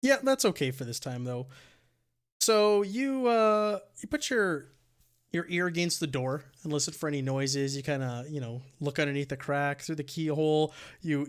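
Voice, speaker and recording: A man with a slightly high voice narrates as dungeon master, describing dungeon halls and magic to his players. He talks in a halting way and restarts his sentences often. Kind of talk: narrating a tabletop game.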